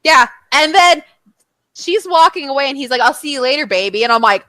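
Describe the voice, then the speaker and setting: Telling a story on the podcast she co-hosts, a young woman speaks a bit fast in a high-sitting voice, with no room sound. She animatedly acts out people's quotes and swears throughout the casual chat.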